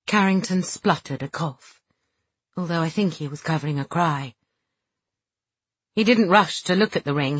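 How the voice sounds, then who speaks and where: Woman reading a story aloud, low husky voice, slow and soft, dry close sound. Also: dry recording. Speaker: audiobook narrator. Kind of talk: scripted narration.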